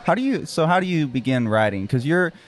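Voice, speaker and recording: A man's voice: fairly high pitch, animated, brisk. Casual, joking male podcast host. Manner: friendly, joking, many fillers. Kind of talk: casual interview chat.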